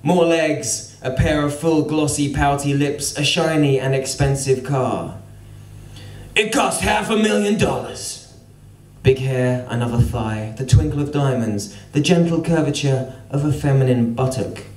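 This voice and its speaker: A man's voice: mid-range voice, fairly even intonation, moderate pace, few pauses, a little mellow. A man telling a wry, sardonic story as spoken-word storytelling at a live venue. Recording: roomy venue, mic at a distance.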